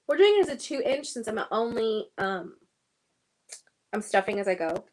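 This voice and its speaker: A woman's voice: a little high, very animated, moderate pace, slight background noise, rough recording. A woman hosting a casual sewing livestream, thinking aloud and chatting to her viewers as she works.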